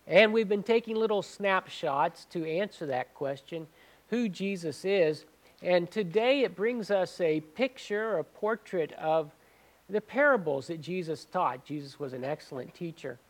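Slow-talking man preaching a sermon. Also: high-pitched, lively intonation. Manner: conversational, questions the congregation. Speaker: pastor.

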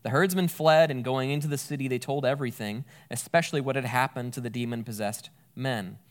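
A man's voice: mid-range voice, brisk. A man giving a casual, conversational Bible teaching, thinking aloud and correcting himself as he goes.

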